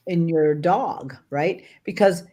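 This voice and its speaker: A woman's voice: on the low side, takes it slowly, mellow. A woman hosting a casual chat as a dog trainer, talking in a chatty way with frequent restarts and tag questions like "right?". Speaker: dog trainer and show host.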